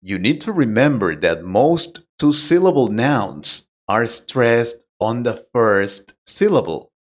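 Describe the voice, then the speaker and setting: A man's voice: medium pitch, lively intonation, slow. A man teaching a pronunciation lesson, explaining plainly and patiently and putting direct questions to the learner. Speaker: English teacher. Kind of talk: slow, deliberate English lesson.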